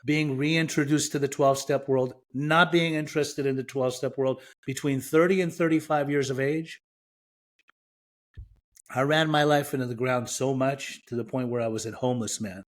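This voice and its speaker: A man's voice: mid-range voice, steady tone, normal speed. Man frankly telling his recovery story. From Iran. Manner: frank, reflective, self-mocking. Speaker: podcast guest. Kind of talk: candid recovery story in podcast interview.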